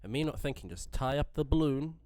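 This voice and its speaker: A man's voice: mid-range voice, lively intonation, a little fast, a little mellow. A man telling an awkward story on a podcast, wry and swearing as he builds suspense. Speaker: podcast co-host. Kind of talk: casual storytelling chat.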